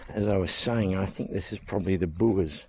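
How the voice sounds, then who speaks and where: Excitable man rambling on an outdoor hillside walk. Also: low voice, moderate pace, a little hiss or hum. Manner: excitable, thinks aloud, rambling asides. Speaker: vlog host exploring a historic site. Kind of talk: casual vlog commentary while walking.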